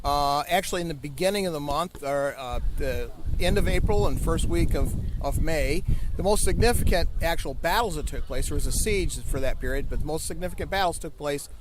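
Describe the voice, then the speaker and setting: A man being interviewed outdoors at a historic fort, explaining facts in a measured way with many fillers. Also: fairly high pitch, noisy background. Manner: factual, hesitant with fillers. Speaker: reenactor guide.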